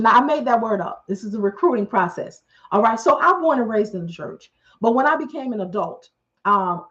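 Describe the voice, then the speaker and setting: A woman telling a long story in a casual, animated way, acting out what other people said. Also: mid-range voice. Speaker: storyteller host. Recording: muffled lo-fi recording.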